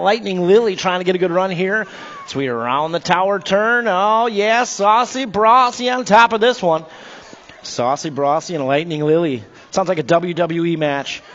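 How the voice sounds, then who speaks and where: A man announcing live BMX races from the track tower, energetic and joking, with playful nicknames for the riders. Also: high-pitched, lo-fi sound. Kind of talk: live race commentary.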